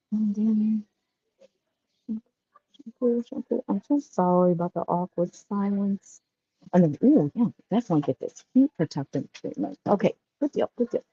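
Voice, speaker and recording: A woman's voice: medium pitch, animated, moderate pace, mellow, breathy edge, no echo, muffled recording. A woman vlogging casually while she shops in a store, chatty and rambling with folksy sayings. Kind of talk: casual shopping vlog.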